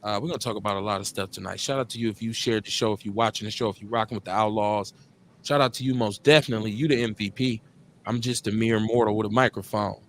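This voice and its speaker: A middle-aged man with a Midwestern US accent, hosting a live call-in show in a relaxed, slangy way and repeating his phrases. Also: fairly low pitch, fast, slight background noise. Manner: laid-back, slangy, drawls and repeats phrases. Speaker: radio show host.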